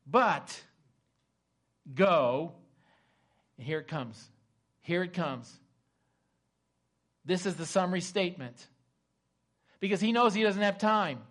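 A man preaching a sermon, retelling a scripture story dramatically and shifting between loud emphasis and hushed asides. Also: sits high, expressive, a little slow, long pauses. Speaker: pastor.

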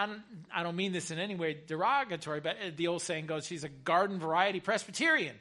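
A man, a chaplain, telling a story in a sermon, earnest and repeating words as he builds to bursts of excitement. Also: on the high side, fast, few pauses. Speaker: chaplain preaching.

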